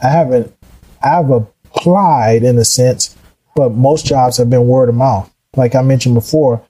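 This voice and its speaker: A middle-aged man telling his career story in a casual, animated way, acting out the voices of people he quotes. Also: mid-range voice, a little slow, husky, rough recording. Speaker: guest.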